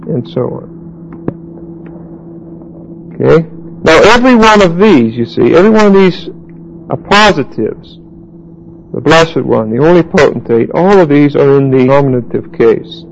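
A man lectures on New Testament Greek, walking through grammar slowly and spelling words aloud as he writes. His voice sits a little high and has a gravelly fry. A faint hiss runs under the recording. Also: lively intonation, highs cut off. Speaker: Bible teacher. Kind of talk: Bible study lecture.

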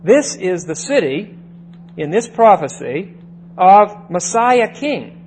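Slow, deliberate man teaching scripture. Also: high voice, sing-song, darkish tone, slight background noise, rough recording. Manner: deliberate, checks in with "see?" and "okay?"; stresses single words by slowing and rising. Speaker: Bible teacher. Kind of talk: verse-by-verse Bible teaching.

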